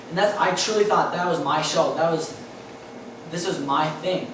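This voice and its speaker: A man's voice: on the high side, moderate pace, distant mic, background noise. A young man giving an earnest, emotional personal faith testimony, often repeating himself. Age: young adult. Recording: very echoey hall, voice off-mic.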